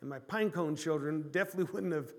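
A man in his forties preaching a sermon, his voice sitting fairly high. He tells a story with animated energy, swinging from loud bursts to hushed, quiet lines. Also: fast. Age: 40s. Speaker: pastor.

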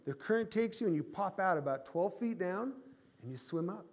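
A man in his forties, a pastor telling a personal story in an animated sermon, swinging from loud bursts to hushed tones. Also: sits high, moderate pace, long pauses. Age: 40s.

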